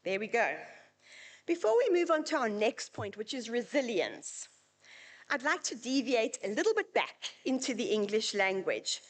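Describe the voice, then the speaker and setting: A South African woman with a South African accent, giving a chatty, anecdotal conference presentation at a university event. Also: a little high. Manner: chatty, anecdotal, lightly humorous.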